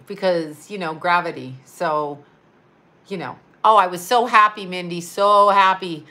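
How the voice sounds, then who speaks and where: A woman's voice: medium pitch, bright, forceful tone. A middle-aged woman from Canada, chatting bluntly and with lots of swearing on a livestream while reading comments. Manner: blunt, profane, chatty, laughing often. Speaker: livestream host reading chat. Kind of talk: casual livestream chat.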